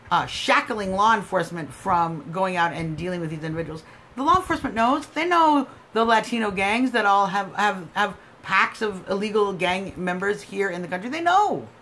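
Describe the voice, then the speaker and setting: A woman's voice: medium pitch, lively intonation, moderate pace, fairly bright tone, a little hiss or hum. An American woman hosting a live political stream, arguing emphatically and answering viewer comments. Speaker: livestream host.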